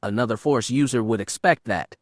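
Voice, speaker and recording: A man's voice: mid-range voice, brisk, dry recording, clean studio sound, close to an everyday voice. A man putting on a purring female Sith lord. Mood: taunting. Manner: purring, taunting, theatrical. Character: scheming female Sith dark lord, mocking and silky.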